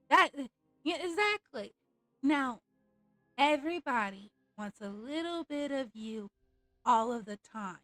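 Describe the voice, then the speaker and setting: A woman's voice: high voice, lively intonation, slow pace, long pauses, pushed and bright, dry recording, soft background music, low-quality recording. A woman streamer ranting in a casual, blunt and profane way over a live game stream.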